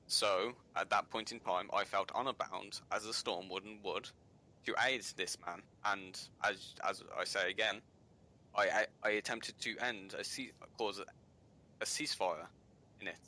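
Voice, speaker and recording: A man voicing a solemn, honor-bound male space marine in a tabletop game, speaking in a halting, earnest way. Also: lowish voice, fairly even intonation, sharp tone, low-quality recording.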